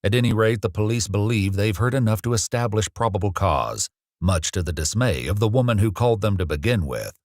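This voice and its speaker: A man reading scripted documentary narration in a measured, even way. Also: lowish voice, no room sound, clean studio sound. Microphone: studio voice-over.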